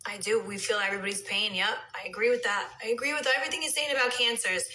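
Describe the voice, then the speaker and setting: A woman chatting casually on a live stream, reading comments, drifting into soft whispers and heated rants. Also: medium pitch, rapid-fire, roomy sound, slight background noise, poor audio. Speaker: reality TV personality on a live stream. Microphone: phone.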